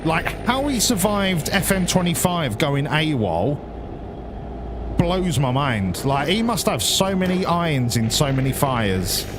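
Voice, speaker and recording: Sweary streamer over engine noise. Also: male voice, on the high side, sing-song, a little slow. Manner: chatty and sweary, rambling with frequent restarts. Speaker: streamer playing a driving game. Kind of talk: casual live-stream chat.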